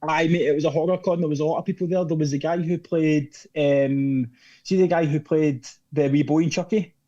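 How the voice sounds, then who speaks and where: A man's voice: on the high side, steady tone, brisk, warm tone, dull audio. A Scottish man chatting as a podcast guest, rambling and calling everyone "mate". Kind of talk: casual chat.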